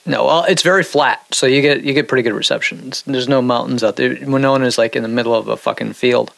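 A man from Minnesota co-hosting a podcast in casual chat, animated and profane, his pitch jumping when he gets excited. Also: fast talker, creaky, no echo. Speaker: podcast co-host.

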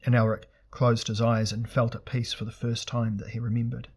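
A man narrating a fantasy audiobook in a steady, measured, dramatic reading. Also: mid-range voice, husky.

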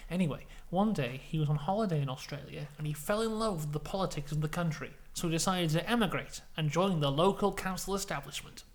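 British podcast co-host, dry storyteller, spins silly tall tales. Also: male voice, fairly high pitch, fast, hardly any pauses. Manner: playful, deadpan tall tales. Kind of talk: comic storytelling.

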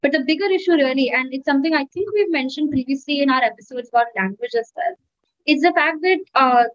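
A woman's voice: sits high, fast. A woman co-hosting a casual podcast, earnestly laying out points with many fillers. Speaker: podcast co-host. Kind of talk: casual chat. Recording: dull, lo-fi recording.

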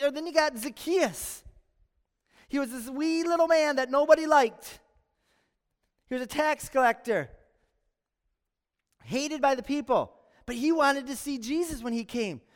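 Male pastor, sermon, high voice, humorous storytelling, long church reverb. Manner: lively storytelling with humor, acting out quotes. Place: church sanctuary.

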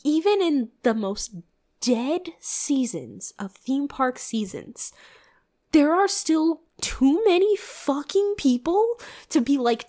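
A young woman co-hosting a casual chat, animated and swearing as she picks apart a movie. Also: sits high, slow. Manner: animated, swearing, mimics characters in silly voices. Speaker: podcast co-host.

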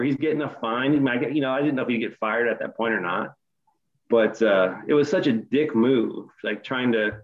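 Man, middle-aged, lively profane storyteller, muffled lo-fi sound. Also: medium pitch, normal speed. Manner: animated, profane retelling, voice rising in quoted outbursts. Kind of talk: casual chat.

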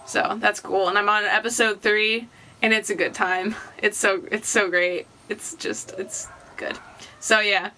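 A woman's voice: mid-range voice, level tone, a little slow, pushed and bright. A woman co-hosting a podcast in casual chat, talking in a chatty, giggly way. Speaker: podcast co-host.

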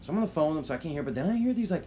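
A man's voice: on the high side, animated, racing, warm tone, highs cut off, slight background noise. A man telling a long story on a podcast in casual chat, rambling and swearing, with lots of "like" fillers. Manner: rambling, profane, frequent "like" fillers. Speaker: podcast co-host.

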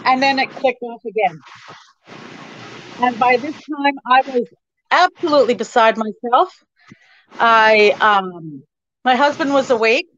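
Middle-aged woman recounting her own story in an interview, halting speech, slightly high-pitched, muffled lo-fi sound. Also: fairly bright tone, slight background noise. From Canada. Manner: hesitant, halting with many ums. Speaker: interview guest. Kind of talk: personal storytelling.

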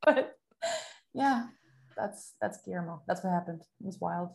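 Young adult woman, casual chatty storyteller, filler-heavy, quick to laugh. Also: medium pitch, lively intonation, darkish tone. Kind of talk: casual chat, personal storytelling.

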